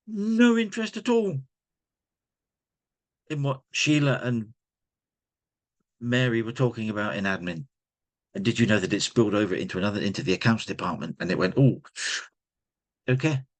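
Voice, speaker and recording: A man hosting a podcast, talking bluntly and emphatically in a personal monologue. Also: medium pitch. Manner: blunt, emphatic, repeats himself. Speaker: podcast host.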